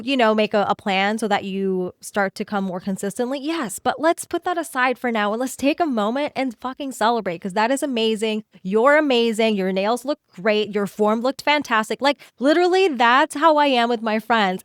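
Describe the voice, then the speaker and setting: A woman hosting a solo podcast, talking in a playful, animated way, acting out inner voices in quotes, with casual swearing and frequent laughs. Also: fairly high pitch, moderate pace, hardly any pauses, smooth, no echo, studio quality. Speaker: podcast host.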